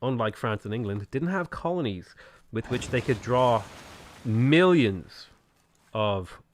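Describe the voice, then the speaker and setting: Male game streamer, casual live commentary, animated mid-pitched voice. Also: slow pace, slight background noise. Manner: chatty, rambling, answers chat questions.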